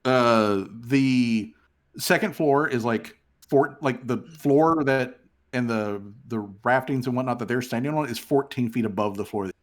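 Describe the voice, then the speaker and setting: A man's voice: mid-range voice, a little slow. A man narrating as game master of a tabletop game, laid-back and full of fillers.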